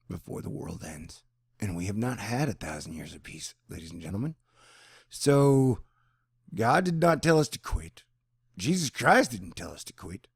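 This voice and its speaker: A man talking in a rambling personal monologue, animated and drifting between topics, now and then slipping into mock voices. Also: mid-range voice, breathy edge, dry recording, clean studio sound. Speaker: vlogger.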